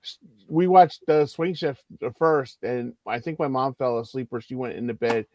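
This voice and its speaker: A man on a podcast chatting casually, halting with many restarts. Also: medium pitch, a little mellow, dry recording, highs cut off. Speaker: podcast co-host. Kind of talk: casual chat.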